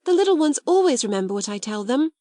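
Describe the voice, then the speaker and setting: An eager young girl, earnest and proud, speaks up in a lifted, bright voice, as a woman narrator puts her on. Her words come fervent and principled in a storybook reading. The recording is close and dry. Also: high voice, big pitch swings, fast talker, dry recording, voice pushed up. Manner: eager, bright girlish delivery.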